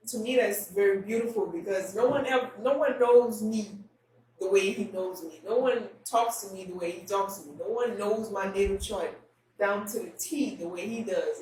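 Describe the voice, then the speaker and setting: Woman interview guest, emotional and halting, off-mic in a roomy echo. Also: mid-range voice, darkish tone. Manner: emotional, halting, many restarts. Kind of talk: candid conversational interview. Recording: roomy echo, distant mic, faint room noise.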